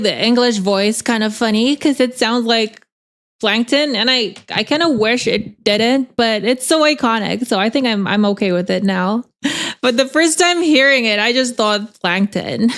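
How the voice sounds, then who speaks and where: A woman's voice: a little high, fairly bright tone. Chatty, rambling woman streamer. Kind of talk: casual chat.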